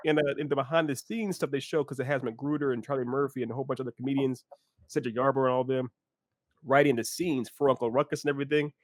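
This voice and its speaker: A man co-hosting a podcast in a casual discussion, enthusiastic and animated, with some restarts. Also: mid-range voice, fast talker. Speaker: podcast co-host.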